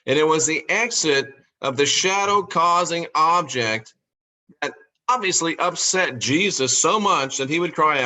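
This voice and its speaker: A man hosting a podcast, talking through scripture in a monologue, repeating key lines and slowing down to stress words. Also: on the high side, lively intonation, sharp tone. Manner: rhetorical questions, emphatic repetition. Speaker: podcast host.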